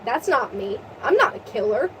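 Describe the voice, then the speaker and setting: Homesick warrior king, put on by a woman, blunt, deadpan, weary, faint hum behind. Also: on the high side, normal speed. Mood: brooding. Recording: distant mic, faint noise.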